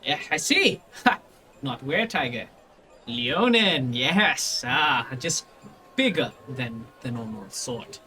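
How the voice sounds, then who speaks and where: A man's voice: medium pitch, big pitch swings, takes it slowly, pushed and bright, a little hiss or hum, exaggerated voice. A man voicing a pompous, portly male scholar who stammers and fawns nervously. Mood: fussy, flustered. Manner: flustered, stammering, theatrical.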